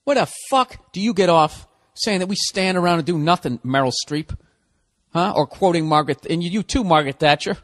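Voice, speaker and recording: A man's voice: a little high, brisk, no room sound, clean studio sound. A man in his forties hosting a solo podcast, ranting with profane sarcasm. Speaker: podcast host.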